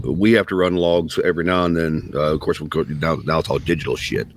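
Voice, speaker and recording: A man's voice: a bass voice, fairly even intonation, quick pace, slight background noise. A man co-hosting a casual trucker podcast, sharing stories in a laconic, plain-spoken way. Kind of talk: casual chat.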